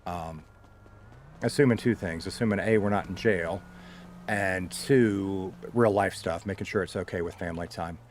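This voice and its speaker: A man's voice: low-pitched, normal speed, slight background noise. A man chatting casually on a live stream, swearing freely and laughing often.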